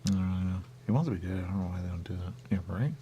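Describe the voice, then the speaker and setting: A man's voice: deep voice, racing, warm tone, muffled recording, slight background noise. A man hosting a radio show, rambling and musing aloud in casual chat.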